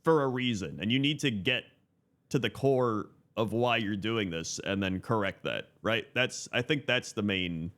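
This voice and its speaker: A man's voice: lowish voice, moderate pace, fairly bright tone. A man hosting a casual reaction commentary, thinking aloud and often checking in with "right?". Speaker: reaction channel host.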